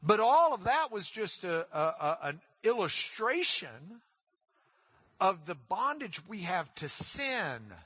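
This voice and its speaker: Male Bible class teacher, animated and emphatic, repeats words when excited; lively delivery, dry close sound. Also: high-pitched, slow pace, slightly rough, dry recording.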